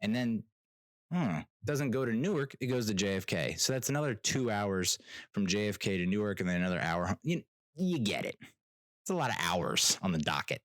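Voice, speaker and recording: Man, podcast host, low voice, lively exasperated rant, dry close sound. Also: brisk, no room sound. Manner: animated, exasperated, mimics other people. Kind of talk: casual ranting monologue.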